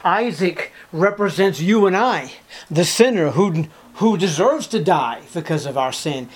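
High-voiced man preaching with drama. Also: animated, measured pace. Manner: dramatic storytelling, drops to hushed near-whispers for emphasis; asks the listeners rhetorical questions. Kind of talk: sermon.

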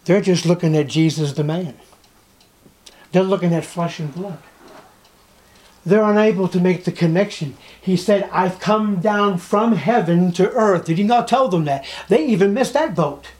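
A man's voice: sits high, expressive, moderate pace, warm tone. A male preacher giving a sermon, emphatic and repetitive, full of rhetorical questions.

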